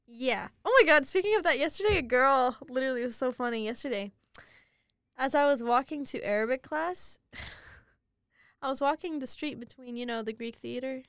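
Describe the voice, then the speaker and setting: A woman's voice: sits high, moderate pace, clean tone, no echo, clean studio sound. A young woman co-hosting a podcast, chatting casually and telling stories with frequent giggles. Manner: giggly, animated storytelling. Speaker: podcast co-host. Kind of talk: casual chat.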